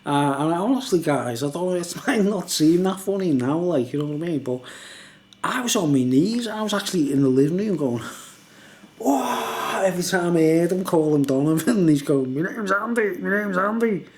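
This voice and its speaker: A man's voice: a little high, expressive, fairly quick, a little mellow, a little hiss or hum. Rambling man, laughs through his story, very casual. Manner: laughs often, rambling, asks "you know what I mean". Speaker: vlogger.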